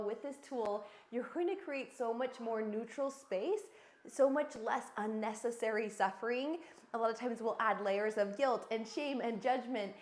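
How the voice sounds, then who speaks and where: Earnest woman coaching, slightly high voice. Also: darkish tone. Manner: earnest, encouraging, demonstrative. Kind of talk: casual teaching talk.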